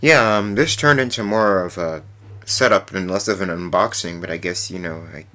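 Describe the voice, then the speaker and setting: A man's voice: low-pitched, normal speed, sharp tone, slight background noise. A man talking casually as a vlogger while setting up a device, mumbling and hesitant, with mild swearing. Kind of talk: casual off-the-cuff commentary.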